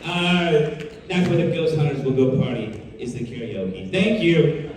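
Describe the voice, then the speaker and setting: A man answering fan questions on a convention panel in a jokey, animated way, laughing often. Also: fairly high pitch, unhurried. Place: large convention hall. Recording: echoey hall, distant mic, crowd and noise. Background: audience crowd.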